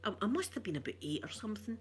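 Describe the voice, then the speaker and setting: A middle-aged Glaswegian woman chatting softly and rambling to viewers on an ASMR livestream. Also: medium pitch, big pitch swings, very fast, breathy edge. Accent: Glaswegian Scottish. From Glasgow, Scotland. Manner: soft-spoken, rambling, warm chatter with viewers.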